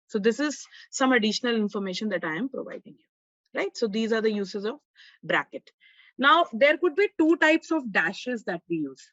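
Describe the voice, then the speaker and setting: Woman teaching online, higher voice, dry muffled lo-fi audio, lots of uh and restarts. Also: a bit bright, no echo. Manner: explains step by step, checks in with the class; frequent fillers and restarts. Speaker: online course instructor. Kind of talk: live online grammar lesson. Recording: dull lo-fi online class audio.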